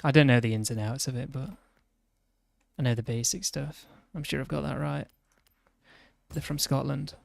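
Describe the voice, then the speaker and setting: A man's voice: mid-range voice, fairly even intonation, moderate pace, vocal fry, pauses often. A young man with a Yorkshire accent, chatting bluntly and teasing a friend while streaming a racing game, often restarting his sentences. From northern England. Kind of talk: casual chat while gaming.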